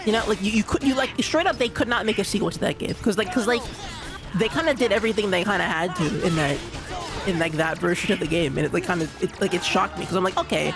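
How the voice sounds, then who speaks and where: Young man, gravelly, fairly high voice, rambling game commentary, music underneath. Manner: rambling, restarts, lots of "like" and "you know". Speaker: streamer. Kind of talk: casual gameplay commentary.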